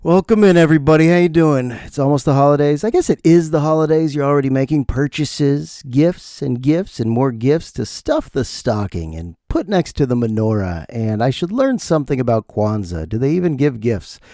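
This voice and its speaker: Brief: warm-toned middle-aged podcast host, animated comic riffing, quick laughs. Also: male voice, medium pitch, dry recording, clean studio sound. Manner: animated, laughs often, mimics lines. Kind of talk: comedic podcast monologue. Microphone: studio podcast mic.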